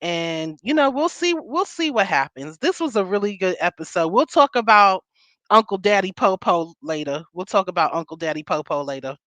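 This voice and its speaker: A woman's voice: mid-range voice, expressive, moderate pace, fairly bright tone, dry recording. A woman co-hosting a podcast, chatting casually and animatedly about a reality show, repeating points for emphasis. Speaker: podcast co-host.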